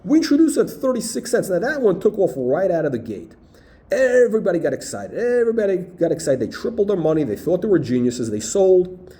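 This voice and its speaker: A man walking through stock charts, talking emphatically and punctuating points with "boom" and "okay". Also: sing-song, brisk, warm tone. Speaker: stock market commentator. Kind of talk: chart walkthrough video.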